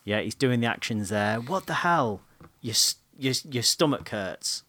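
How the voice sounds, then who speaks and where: A man's voice: lowish voice, normal speed, sharp tone, no room sound. A man co-hosting a podcast in casual chat, telling playful, giggly stories. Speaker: podcast co-host.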